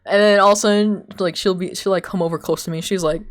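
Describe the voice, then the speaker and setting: A woman's voice: mid-range voice, fairly even intonation, fast talker, soft background music. A young woman streamer chatting casually and rambling through stories, laughing often and leaning heavily on filler words. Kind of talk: casual chat on a live stream.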